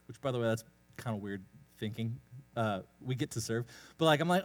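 A young man preaching a casual sermon, telling a personal story in a self-deprecating, animated way. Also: mid-range voice, normal speed, pauses often. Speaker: pastor.

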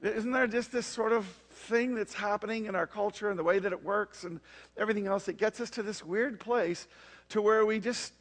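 Male pastor with a high voice, chatty sermon delivery full of asides. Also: normal speed. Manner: conversational, frequent "you know what I mean" asides.

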